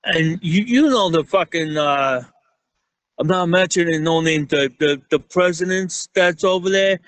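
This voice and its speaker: A man with a New York accent telling rambling, profane stories in a casual chat, often getting excited as he acts out what people said. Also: a little high, measured pace, no room sound. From Staten Island, New York. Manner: profane, rambling, excitable when acting out quotes. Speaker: security guard guest.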